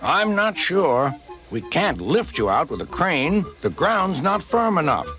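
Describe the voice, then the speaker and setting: A man's voice: fairly high pitch, sing-song, measured pace, a bit bright, faint music behind. A man doing a stern railway boss. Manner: scolding, thoughtful. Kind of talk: storybook character voice.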